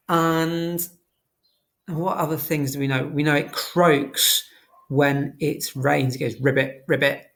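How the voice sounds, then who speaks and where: A primary school teacher, teaching a phonics lesson to young children and slowly sounding out words letter by letter. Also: mid-range voice, gravelly.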